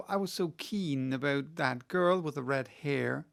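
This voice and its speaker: A man's voice: mid-range voice, animated, normal speed, vocal fry, few pauses. A man answering listener questions in a casual, rambling way, often restarting and adding "right". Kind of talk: casual spoken Q&A.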